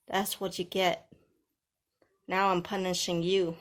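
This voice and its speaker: Woman doing a bossy taunting vlog rant, slow and drawn out, mocking tone. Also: fairly low pitch, level tone.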